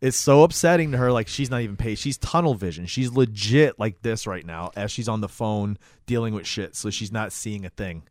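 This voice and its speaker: A man co-hosting a podcast, recapping a TV show in casual chat, rambling with restarts and chiming in with quick agreement. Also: lowish voice, darkish tone, no echo, studio quality. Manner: conversational, rambling restarts, frequent agreeing interjections. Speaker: podcast co-host.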